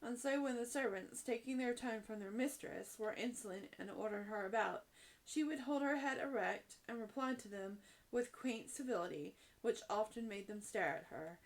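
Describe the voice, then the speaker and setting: A woman reading a children's classic aloud chapter by chapter, in a gentle storytelling manner. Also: a little high, normal speed. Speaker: audiobook reader.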